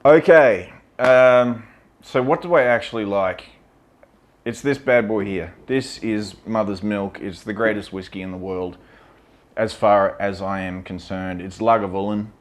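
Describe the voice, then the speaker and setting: A man's voice: fairly low pitch, a little slow. A man giving a casual, opinionated whisky tasting talk, blunt and sweary, chatty with plenty of fillers. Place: lives in Vietnam.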